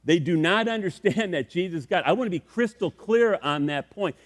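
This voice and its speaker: A pastor preaching to his congregation in a relaxed, storytelling style, with a voice on the higher side for a man. The sound carries a long church-hall reverb. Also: fairly quick. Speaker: senior pastor. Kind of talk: sermon. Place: church sanctuary.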